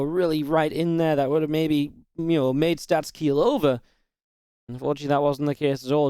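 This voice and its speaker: Chatty male esports caster, higher voice. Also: brisk, dry recording. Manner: energetic, chatty, many fillers and asides. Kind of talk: solo play-by-play game commentary.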